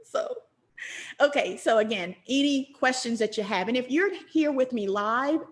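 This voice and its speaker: Woman host with a high voice, warm and chatty on a live stream. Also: animated, moderate pace. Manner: warm, chatty, emotional, tearing up with laughter. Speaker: financial educator hosting a live stream. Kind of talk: live social media teaching session. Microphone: phone or webcam in a live stream.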